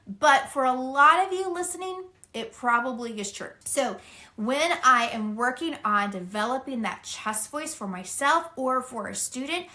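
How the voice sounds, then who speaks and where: A woman's voice: high-pitched, sharp tone. A woman giving a singing lesson, encouraging and demonstrating spoken and sung phrases. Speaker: singing teacher. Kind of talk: vocal lesson to camera.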